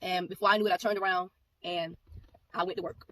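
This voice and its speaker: A woman giving a personal testimony, telling the story in a rapid, animated way and acting out the back-and-forth of the exchange. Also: lowish voice. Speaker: ministry speaker giving a testimony. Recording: voice a bit far from mic, faint background noise.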